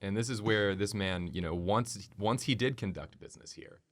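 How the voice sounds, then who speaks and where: A young man on a drawing show, describing a picture in a deadpan, mock-serious way. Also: lowish voice, normal speed. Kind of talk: casual comic banter.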